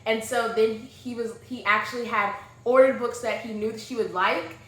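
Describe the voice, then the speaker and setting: A woman's voice: fairly high pitch, moderate pace. Gushing young woman, echoey room. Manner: gushing and animated, swings between soft murmurs and loud exclamations. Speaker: book vlogger. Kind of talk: casual book review chat. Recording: echoey room with faint noise.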